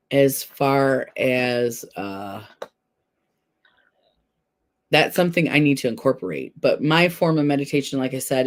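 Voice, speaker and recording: A woman's voice: very deep voice, darkish tone. A woman hosting a casual live stream, chatting candidly and answering viewers directly, recorded at home. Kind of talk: casual live chat, reading viewer comments.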